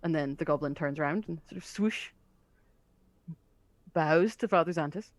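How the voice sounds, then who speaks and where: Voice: mid-range voice, normal speed, pauses often, no echo. A game master narrating a tabletop game with chatty description and frequent fillers.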